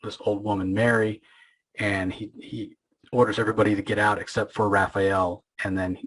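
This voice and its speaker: A man hosting a comic book podcast, casually recapping an issue and retelling its scenes with quick acted-out quotes, often pausing on fillers and restarts. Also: fairly low pitch, little pitch movement, fairly bright tone, a little hiss or hum, rough recording.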